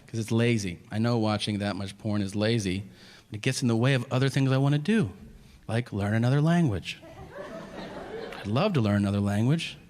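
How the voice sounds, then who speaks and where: Crude stand-up comic in a reverberant club. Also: male voice, lowish voice, brisk. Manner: crude, deadpan setups with loud shouted punchlines. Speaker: stand-up comedian. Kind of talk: stand-up comedy set. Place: comedy club stage before a live audience. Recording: reverberant venue with audience noise. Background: audience laughter.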